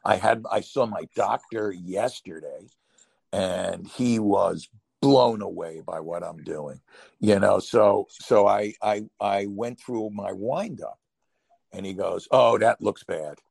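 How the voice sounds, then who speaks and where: A man with a Brooklyn accent talks in a casual, rambling podcast chat, often laughing and pushing his voice up when he gets excited. His voice is gravelly and husky. The sound is dry and close. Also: fairly low pitch, slow, dry recording. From New York. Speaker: podcast co-host.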